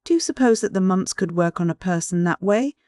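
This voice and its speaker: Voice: medium pitch, brisk, a little mellow, dry recording, studio quality, lightly acted. A reader doing a whiny fretful old cousin. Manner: moaning, whimpering.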